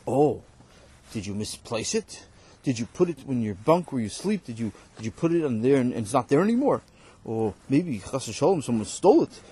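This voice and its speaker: A man's voice: mid-range voice, sing-song, normal speed, warm tone, husky. A man voicing an evasive employer who innocently claims he has nothing to pay with. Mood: feigned innocence. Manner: falsely innocent, apologetic.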